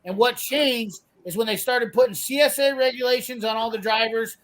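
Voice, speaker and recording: Blunt, high-voiced swearing man. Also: normal speed, fairly bright tone, low-quality recording. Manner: profane, blunt, heated ranting. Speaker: host telling a work story. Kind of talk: casual storytelling chat.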